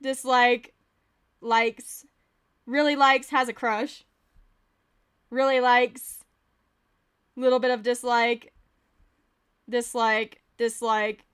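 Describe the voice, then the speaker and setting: A woman's voice: fairly high pitch, level tone, very slow, long pauses, a bit bright, smooth. A woman streamer giving casual, giggly commentary as she reads game events aloud.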